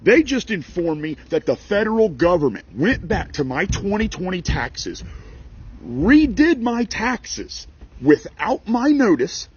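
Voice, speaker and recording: A man's voice: sits high, sing-song, measured pace, highs cut off, slight background noise. An angry man, a farmer and small business owner, ranting to camera in a heated, indignant, exasperated way.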